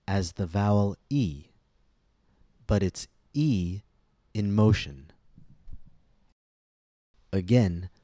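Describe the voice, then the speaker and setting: A man hosting a scripted pronunciation lesson, speaking slowly and deliberately with careful articulation. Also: fairly low pitch, dark tone, no room sound, studio quality. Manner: slow, deliberate, clearly articulated instruction. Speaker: host, pronunciation teacher.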